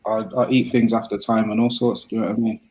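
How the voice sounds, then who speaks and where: A man's voice: lowish voice, little pitch movement, fast, very noisy. A man chatting casually, stumbling and repeating his words. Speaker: panel guest. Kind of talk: casual chat.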